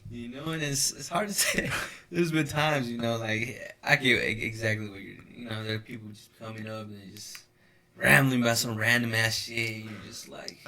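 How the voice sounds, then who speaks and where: A man's voice: medium pitch, moderate pace, pushed and bright. A young man co-hosting a casual podcast chat, rambling at length with lots of swearing and "you know, like" fillers. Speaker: podcast co-host.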